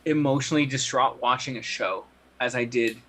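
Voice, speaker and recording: A young man co-hosts a podcast, chatting casually in a mid-range, slightly bright voice at a normal speed. He sounds earnest and reflective, and he often starts his sentences over.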